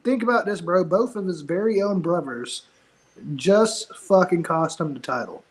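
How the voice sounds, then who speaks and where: A man with a notably high-pitched voice rambles through casual wrestling talk on a podcast. He swears freely and tells stories with animated energy. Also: moderate pace, poor audio. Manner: profane, rambling, animated storytelling. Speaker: podcast co-host.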